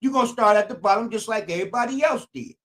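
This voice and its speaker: A man's voice: sits high, fast talker, a bit bright. Older man preaching in AAVE. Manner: preachy, repetitive, emphatic. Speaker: YouTube channel host. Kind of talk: streetwise commentary monologue.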